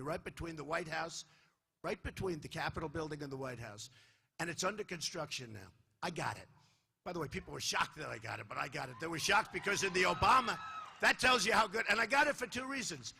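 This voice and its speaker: An older man giving a boastful, repetitive campaign rally speech in a large hall, dropping to low asides and rising to shouts. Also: animated, fast, gravelly, slight background noise. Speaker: political candidate speaking at a rally. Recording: live hall recording with faint crowd ambience.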